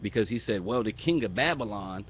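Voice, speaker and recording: A man's voice: fairly low pitch, expressive, fairly quick, dull audio, a little hiss or hum. A man giving an informal bible teaching, blunt and mocking, with profane asides, reading verses aloud in a raised voice. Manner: reads scripture aloud in raised voice.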